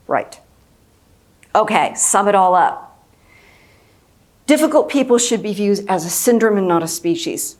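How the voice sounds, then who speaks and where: Lady in her 50s lecturing on mediation, punchy and repetitive, even middle pitch. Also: unhurried, pauses often. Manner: emphatic and repetitive, acts out quoted speech. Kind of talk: conference lecture talk.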